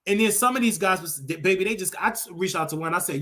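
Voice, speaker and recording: This man hosts a casual gossip talk show and tells his stories fast and dishily. His pitch leaps up suddenly, then drops into quieter, hushed asides.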